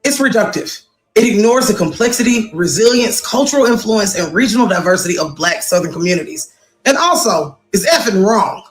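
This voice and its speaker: A woman hosting a commentary video, sounding lively, incredulous and sarcastic. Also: mid-range voice, a little fast, reverberant, soft background music, poor audio. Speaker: host.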